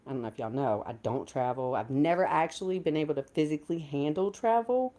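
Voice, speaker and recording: A woman, hosting a casual livestream, chatting with viewers and greeting them with bursts of excitement. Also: low voice, fairly quick, few pauses. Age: 50s. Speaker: livestream host.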